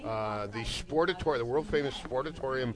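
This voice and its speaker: A man co-hosting a wrestling talk show, telling rambling, playful stories in casual chat. His voice sits in a middle pitch. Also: a little fast. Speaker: wrestling podcast co-host.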